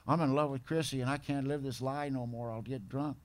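A man's voice: medium pitch, fairly even intonation, brisk, natural voice. A man voicing his tearful wife, a grown woman, in his own plain voice.

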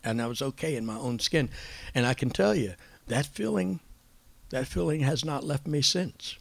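A man tells his recovery story in a loose, rambling way, dropping slang and filler words as he goes. His voice sits at a middle pitch, and it is recorded close and dry with no room sound. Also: animated, normal speed, gravelly, no room sound. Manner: casual, rambling, uses slang like "cat" and "man"; acts out quoted voices with raised pitch.

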